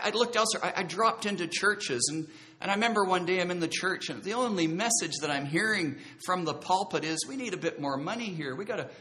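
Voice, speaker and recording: Bright-voiced man preaching his testimony. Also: on the high side. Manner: earnest, conversational storytelling with emphatic drawn-out phrases. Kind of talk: sermon testimony storytelling.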